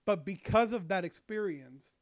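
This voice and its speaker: A young man rambles through a casual chat as a storyteller, swearing freely and using lots of fillers. His voice sits high and expressive, and he keeps a moderate pace.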